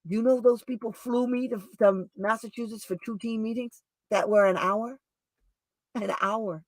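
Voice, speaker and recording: A woman hosting a show as a special education advocate, telling stories in a chatty, rambling way with asides and quick restarts. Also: a little high, steady tone, a little mellow, no echo. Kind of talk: casual storytelling livestream talk.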